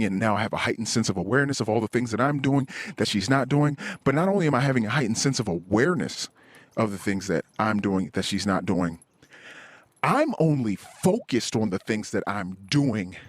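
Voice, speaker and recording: A man's voice: lowish voice, no echo. A man hosting a podcast, speaking in a candid, self-critical and profane confessional monologue. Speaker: podcast host.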